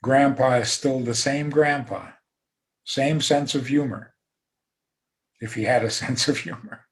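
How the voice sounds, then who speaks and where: A man giving a rabbi's talk over a video call, emphatic, with dry humor and soft laughs. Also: medium pitch, fairly even intonation, a little slow. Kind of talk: talk on a zoom call, answering questions.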